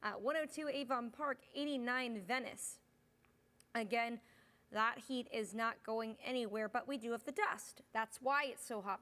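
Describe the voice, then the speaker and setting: A young woman meteorologist hosts a live weather stream in a relaxed, chatty way, reading out viewer comments as she goes through the forecast. Her voice sits a little high, and she sounds tired, stifling yawns between updates. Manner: chatty, reads viewer comments, yawning and apologizing. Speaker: meteorologist, fill-in host.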